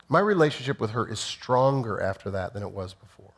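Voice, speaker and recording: A man's voice: on the low side, animated, fairly quick, fairly bright tone, slightly rough. Middle-aged male pastor, earnest and plainspoken, acts out sample apologies in his sermon. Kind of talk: teaching sermon.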